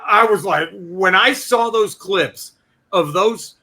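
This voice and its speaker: A man co-hosting a comedy politics podcast, swearing freely in loose, animated banter. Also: high voice, slow pace. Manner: animated, swears a lot, mimics quoted people. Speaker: podcast co-host.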